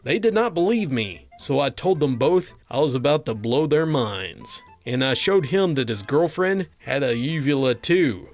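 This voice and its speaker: A man's voice: mid-range voice, big pitch swings, moderate pace, few pauses, faint music behind. A man narrating a string of funny doctor and patient stories, with a dry comic delivery. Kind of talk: reading funny anecdotes aloud.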